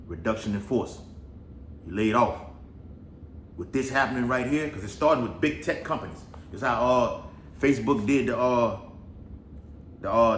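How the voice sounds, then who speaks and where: A man's voice: medium pitch, fairly bright tone. A man giving casual, rambling Bible prophecy commentary, full of swearing and repeated "all right"s. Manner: rambling, profane, keeps saying "all right". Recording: echoey room with faint noise.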